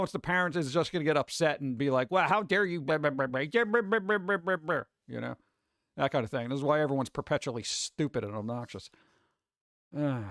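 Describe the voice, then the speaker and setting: High-voiced man rambling. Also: no room sound, studio quality. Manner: rambling, acts out other people's voices. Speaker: livestream host. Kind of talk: casual stream chat.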